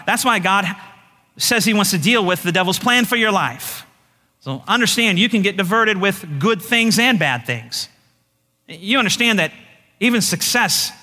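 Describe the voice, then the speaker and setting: A middle-aged male pastor preaching a sermon in an animated, folksy way, laughing often. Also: sits high, in a large hall.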